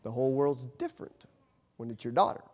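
A middle-aged pastor, a man, preaching with animated storytelling that swings from hushed to loud. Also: medium pitch, fairly quick. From United States. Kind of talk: sermon.

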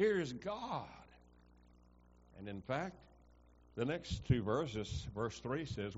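A man's voice: medium pitch, highs cut off, a little hiss or hum. A male pastor preaching a sermon in a church, asking the congregation questions and swelling for emphasis.

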